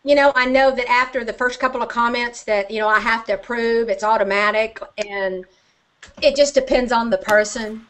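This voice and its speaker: A woman's voice: fairly high pitch, fairly even intonation, normal speed, a bit bright. A woman speaking as a guest on a video-call interview, chatting in a friendly, conversational way with frequent fillers. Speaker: guest blogger.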